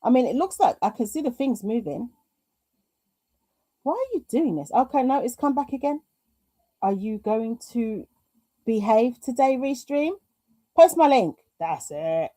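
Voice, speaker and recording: A woman's voice: on the high side, very animated, measured pace, pauses often, dark tone, no room sound. A British woman hosting a live craft stream, chatting casually, reading viewer comments aloud and talking to herself through technical hiccups. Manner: chatty, reads chat aloud, talks to herself through tech glitches.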